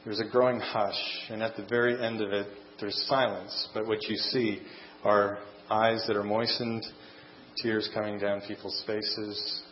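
A man preaching a sermon and closing in prayer, earnest and measured, speaking in short phrases. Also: lowish voice, little pitch movement, reverberant. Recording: dull lo-fi sound with faint mains hum.

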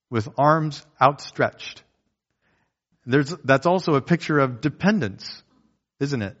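A man's voice: on the high side, animated, a little slow, fairly bright tone. A man preaching a sermon as a pastor, earnestly laying out his points and repeating key phrases. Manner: earnest, repetitive teaching with enumerated points. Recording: dull lo-fi recording.

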